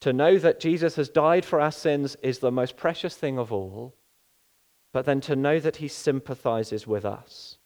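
A man preaching a sermon in an earnest, unhurried way, slowing down to dwell on key phrases. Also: mid-range voice, a little mellow.

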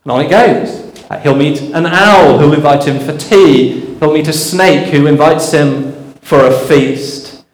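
A man's voice: fairly high pitch, unhurried, reverberant, poor audio. A man preaching a sermon, earnest and storytelling, asking rhetorical questions.

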